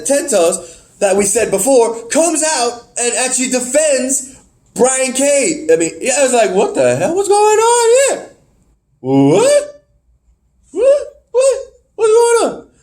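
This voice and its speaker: A man hosting a casual review podcast, rambling, correcting himself mid-sentence and getting excited. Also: high voice. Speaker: podcast host.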